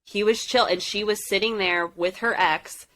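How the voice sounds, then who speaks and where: A woman's voice: mid-range voice, fairly even intonation, normal speed, a bit bright. A young woman co-hosting a podcast, chatting casually with emphatic, opinionated takes. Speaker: podcast co-host. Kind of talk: casual chat.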